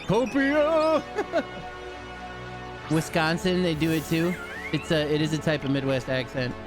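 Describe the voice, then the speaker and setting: A man banters casually with his viewers, laid-back, joking and cursing freely. His voice sits slightly above the usual male pitch. Music plays clearly behind him. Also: unhurried. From Chicago, US. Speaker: livestreamer.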